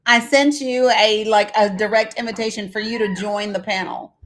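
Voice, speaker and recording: A woman's voice: mid-range voice, steady tone, moderate pace. A middle-aged woman hosting a live stream in casual chat, talking straight to her viewers by name, blunt and swearing freely.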